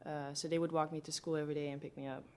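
A woman's voice: sits low, flat delivery, racing, a little mellow, a little hiss or hum. A young woman from Antwerp with a Flemish accent, chatting casually as a guest and laughing often as she explains. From Belgium (Antwerp). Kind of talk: casual chat.

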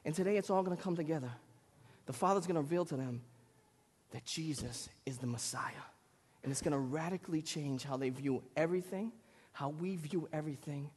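Brief: man in his thirties, Lynn accent, preacher, animated storyteller, fairly high voice, long hall reverb. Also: fairly quick, breathy edge. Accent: Lynn, Massachusetts. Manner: animated storytelling, rising to loud bursts. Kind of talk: sermon.

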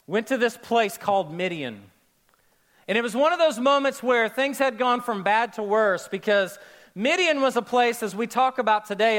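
Man, pastor, high voice, storytelling sermon, talks straight to the crowd. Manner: storytelling, animated, addresses crowd directly.

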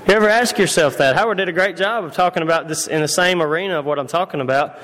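Guy preaching, kinda high voice, chatty and repeats stuff, long church echo. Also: fast talker, fairly bright tone. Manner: conversational, repeats himself, asks the audience questions. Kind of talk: sermon. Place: church hall. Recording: long reverb of a church hall.

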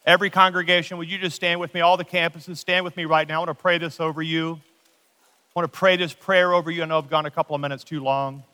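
A man preaching as a guest pastor, earnest, slowing his words down to lead a prayer. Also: on the high side, flat delivery, pushed and bright, smooth. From United States. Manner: earnest, slows down for emphasis in prayer. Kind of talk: sermon. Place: large church auditorium. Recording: long hall reverb from a church sanctuary.

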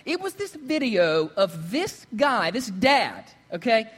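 A man's voice: high-pitched, slow, husky, big-room sound. A young man preaching a casual, joking sermon, telling stories and acting out the people in them. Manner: joking, storytelling, quotes others in lively voices. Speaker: pastor. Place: church sanctuary.

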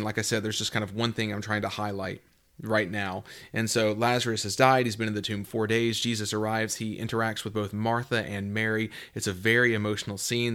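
A Bible teaching host, a man in his thirties from the southeastern United States, talks through a Bible passage in a casual, relaxed and earnest, conversational way. His voice sits fairly low, and he slows down to read scripture aloud warmly.

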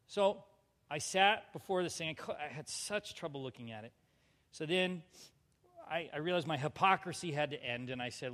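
A man with a notably high voice tells a personal story from the pulpit. He is animated and pokes fun at himself as he acts out his own words. The sound rings out with the long reverb of a big hall. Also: normal speed. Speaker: preacher giving a testimony. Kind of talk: storytelling sermon. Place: large hall before a live audience.

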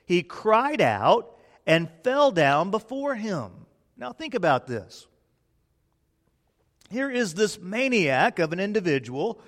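A pastor preaching a sermon in a dramatic way, swinging from loud declarations to hushed, quiet lines. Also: male voice, sits high. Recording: long reverb in a large hall.

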